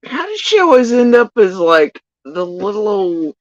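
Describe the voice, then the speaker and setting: A woman ranting through a livestream reaction with a sarcastic, profane bite. Her pitch swings widely from line to line. The sound is dry and a little muffled. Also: big pitch swings, unhurried, no room sound. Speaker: livestream host. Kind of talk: casual reaction commentary.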